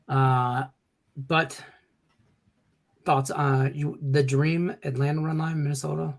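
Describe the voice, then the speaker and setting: A man's voice: a little high, flat delivery, slow pace, gravelly, pauses often. Joking sports betting host, man. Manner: joking, rambling, reads chat comments. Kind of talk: casual sports betting chat.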